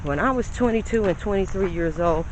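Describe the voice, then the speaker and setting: A woman's voice: medium pitch, a little fast, a little mellow, slight background noise, poor audio. A woman in her fifties, vlogging from her car on a phone, chatty and lecturing, calling her viewers honey. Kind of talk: casual vlog talk. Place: in a car, parking. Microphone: phone camera.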